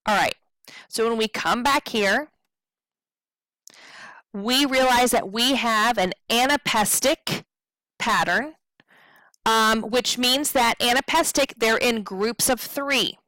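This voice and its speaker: A woman's voice: a little high, slow, long pauses, bright, forceful tone, no echo, poor audio. A woman teaching poetry meter in a recorded tutorial, explaining patiently, checking in with "okay?" and drawing out words to show stress. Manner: draws out words to demonstrate stress.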